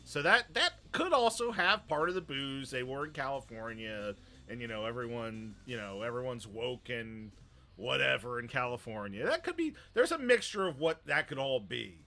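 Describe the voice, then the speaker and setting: A man's voice: medium pitch, big pitch swings, moderate pace, bright, forceful tone. A man hosting a wrestling show, chatting casually about the news and giving his opinions, with a rambling manner and many fillers.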